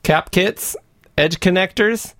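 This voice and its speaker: A man's voice: high voice, takes it slowly, fairly bright tone, no room sound, clean studio sound. A man co-hosting a retro gaming podcast, chatting casually and reading sponsor plugs. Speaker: podcast co-host. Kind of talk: casual chat.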